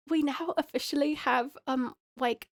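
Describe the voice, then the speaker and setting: A high-voiced Australian woman chats through a live game stream. She giggles constantly, gets excited easily, and drifts into playful baby talk. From Tasmania, Australia.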